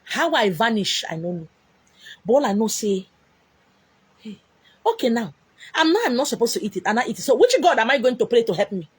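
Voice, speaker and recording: A young Nigerian woman tells a funny story about her own life, exclaiming often and slipping pidgin into her English. Her voice sits a little high and has a husky edge. The recording is dry and close, with no room sound. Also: sing-song, brisk, long pauses, no echo. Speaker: vlogger. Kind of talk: comic personal storytelling.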